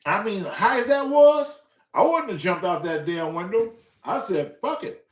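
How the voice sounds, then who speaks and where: Profane, high-voiced man telling a story. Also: a little slow, far from the mic. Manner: profane, emphatic and animated. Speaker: talk show host. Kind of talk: casual storytelling. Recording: roomy echo.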